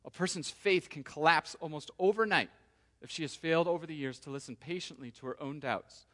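A pastor preaches with earnest conviction, his male voice sitting a bit higher than most. He slips into the words of a struggling believer's prayer as he goes. The sound carries a long reverb from a large church hall. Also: fairly bright tone. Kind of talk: sermon.

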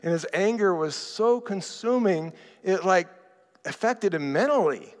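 A man preaching a sermon in a conversational, animated way, acting out the people in his stories. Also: high voice, unhurried. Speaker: pastor. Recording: reverberant hall.

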